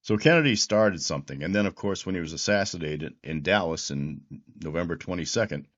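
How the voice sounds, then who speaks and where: Deep-voiced man in his sixties. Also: expressive, a little fast, a bit bright, muffled recording. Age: 60s. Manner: rambling, with restarts and repeated words; reflective, history-minded. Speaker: host. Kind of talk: political commentary monologue.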